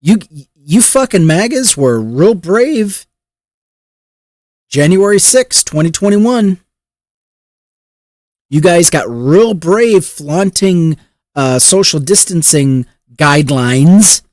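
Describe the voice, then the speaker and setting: A man's voice: sits high, animated, slow pace, long pauses, a little mellow, no room sound, clean studio sound. A man reacting to a clip with sarcastic, profane commentary. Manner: mocking, profane.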